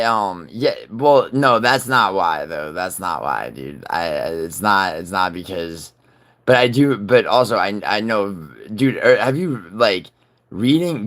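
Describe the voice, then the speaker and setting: A man hosting a livestream, chatting casually and profanely with viewers, rambling and then turning loud and insistent. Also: low-pitched. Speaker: livestream host.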